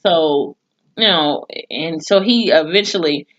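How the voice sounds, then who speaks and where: Low-voiced woman in a profane, chatty TV recap. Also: takes it slowly, a bit bright, lo-fi sound. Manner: profane, chatty retelling with slang. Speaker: TV episode reviewer. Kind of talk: casual spoken recap.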